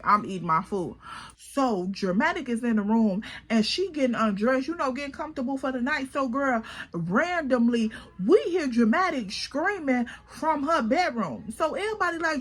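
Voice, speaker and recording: A young woman telling a storytime to her viewers in a casual, animated way, acting out her friends' lines. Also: fairly high pitch, moderate pace. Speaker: storytime vlogger.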